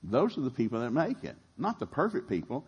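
A middle-aged man, preaching a sermon in a lively way and acting out the voices he quotes. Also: medium pitch, a little fast, slightly rough, highs cut off. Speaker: pastor.

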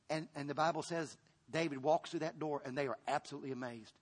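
A fairly high-voiced man preaching a sermon, his delivery swinging from loud, pressing lines to hushed ones. He repeats himself and restarts phrases in full pastor mode. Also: quick pace.

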